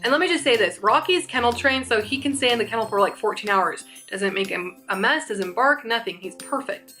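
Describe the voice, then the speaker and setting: A woman's voice: a little high, animated, a little fast, sharp tone, faint music behind. A young woman vlogger chatting through a storytime, rambling and restarting her sentences as she goes. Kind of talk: casual storytime.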